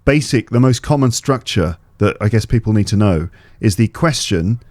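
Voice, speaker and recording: A man's voice: lowish voice, lively intonation, moderate pace, a little mellow, dry recording. A man hosting a podcast, chatting casually and thinking aloud in questions. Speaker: podcast host. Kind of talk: casual conversation about comedy.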